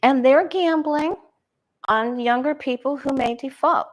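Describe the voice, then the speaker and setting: A woman's voice: high-pitched, unhurried. Woman musing through a tarot reading. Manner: musing, asks herself questions aloud, frequent restarts. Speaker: tarot reader. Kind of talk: casual solo talk reading tarot cards.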